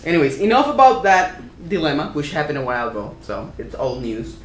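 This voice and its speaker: A man's voice: a little high, very animated, a little fast, a bit bright, slight background noise. A man ranting on a home toy vlog, swearing freely and sounding exasperated. His voice swings up and down a lot as he talks. The room around him has a strong echo. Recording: roomy echo.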